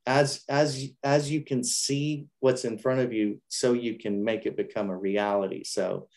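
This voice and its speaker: A man's voice: medium pitch, steady tone, measured pace, vocal fry, a little mellow. A man being interviewed, speaking earnestly and reflectively about his own learning, often restarting his sentences. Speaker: interview guest. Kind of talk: casual interview chat.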